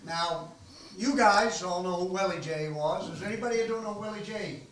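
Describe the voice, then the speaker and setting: An older man from Maine tells stories to a room full of people, rambling and folksy, with plenty of ums and restarts. His voice sits fairly high. It comes from far off in a very echoey library room. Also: normal speed, fairly bright tone, a little hiss or hum. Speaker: host of a storytelling gathering. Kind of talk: casual storytelling to an audience.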